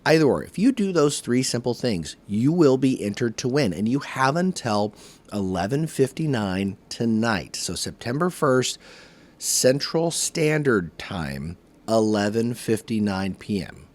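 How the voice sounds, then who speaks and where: A man's voice: mid-range voice, darkish tone. A man from the United States hosting a podcast in a folksy, chatty, casual monologue. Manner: folksy and chatty, says y'all. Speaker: podcast host.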